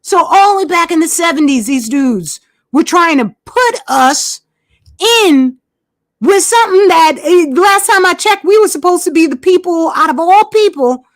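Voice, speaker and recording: Host type: high, expressive woman; repeats for emphasis; dry close-mic sound. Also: moderate pace, no room sound. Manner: emphatic, repeats herself, asides while searching screen. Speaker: channel host. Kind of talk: casual monologue to viewers.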